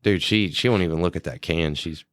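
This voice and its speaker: A very deep-voiced man chatting casually on a podcast. He tells wry, exaggerated stories, and the sound is dry and close-miked. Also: brisk, no room sound. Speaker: podcast co-host. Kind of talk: casual chat.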